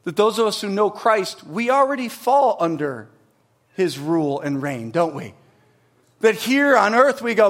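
A man preaching a sermon in an earnest, conversational way, swinging between emphatic peaks and quiet low passages. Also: sing-song, a little slow. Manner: conversational with tag questions and restarts. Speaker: pastor.

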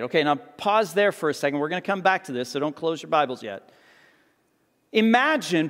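Guy preaching, pretty high voice, chatty, acts out the story bits, big echoey church. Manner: conversational, acts out the disciples' voices. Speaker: pastor. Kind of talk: sermon.

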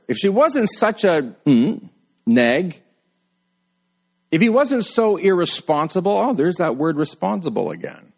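A man's voice: sing-song, slow pace, creaky, pauses often. Conversational male pastor preaching. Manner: conversational, rises high when quoting people, drops low and quiet for emphasis. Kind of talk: sermon.

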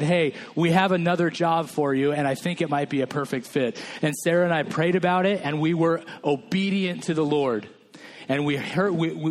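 A male pastor from California preaching a sermon, telling a personal story with quoted dialogue. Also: fairly high pitch.

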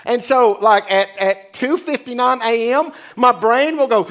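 A man's voice: extremely high pitch, moderate pace, hardly any pauses, bright, forceful tone. A pastor in his forties giving a casual, joking sermon in church. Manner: chatty, joking asides. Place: church sanctuary.

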